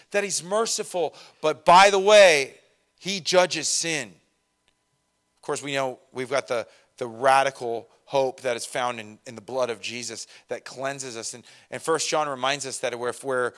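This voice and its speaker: A middle-aged man delivers a sermon in an easy, conversational manner, pitched at an ordinary middle height for a man. He mixes scripture with candid, self-deprecating asides and keeps the delivery lively. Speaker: pastor.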